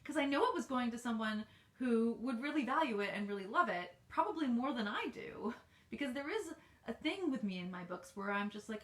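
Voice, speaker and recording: A woman's voice: on the high side, expressive, brisk. Chatty American woman in an echoey room. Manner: chatty and rambling, many ums and restarts. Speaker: author hosting a live Q&A. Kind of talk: casual livestream Q&A. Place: home office.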